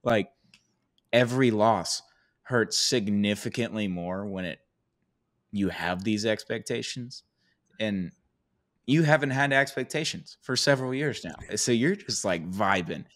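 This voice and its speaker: A man co-hosting a sports podcast in easygoing, casual chat. He talks in a laid-back, jokey way and laughs often. His voice sits somewhat low. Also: expressive, a little slow, a bit bright. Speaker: podcast co-host. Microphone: remote podcast mic.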